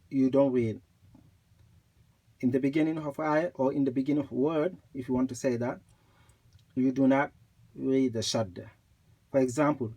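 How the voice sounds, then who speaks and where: A man teaching Quran recitation rules, explaining slowly and repeating points, with recited examples. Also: medium pitch, darkish tone, slightly rough.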